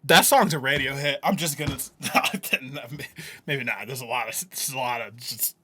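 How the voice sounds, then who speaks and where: A man reacting to a friend's music album in casual commentary. He swears a lot, laughs often and gets excited, and he trails off and restarts when he turns reflective. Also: medium pitch, unhurried, slightly rough. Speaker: music reaction video host.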